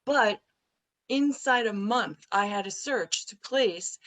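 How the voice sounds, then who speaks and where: A woman guest on a business podcast, telling an anecdote in an animated, blunt way. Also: mid-range voice, takes it slowly, rough recording. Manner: colorful, blunt phrasing. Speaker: guest, recruiting firm president. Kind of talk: podcast interview storytelling.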